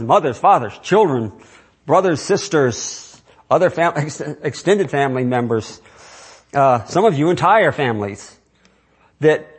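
Husky middle-aged male pastor preaching. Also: mid-range voice. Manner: earnest, repeats phrases for emphasis. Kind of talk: sermon.

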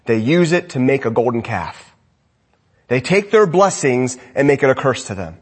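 Husky guy preaching a sermon, voice jumps all over, goes loud then drops real quiet. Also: medium pitch, normal speed. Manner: animated preaching, swinging from loud emphasis to quiet asides. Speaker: pastor.

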